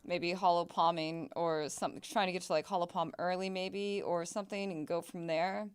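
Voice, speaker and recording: A woman's voice: on the low side, steady tone, moderate pace, clear, resonant tone. A young woman streaming a game, chatting casually, swearing and laughing as she plays. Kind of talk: casual gameplay chat.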